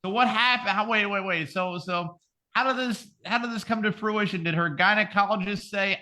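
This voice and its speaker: A man's voice: sits high, normal speed, bright, forceful tone. A man co-hosting a comedy podcast, joking crudely and laughing often as he reads out a story. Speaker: podcast co-host. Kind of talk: casual comedy podcast banter.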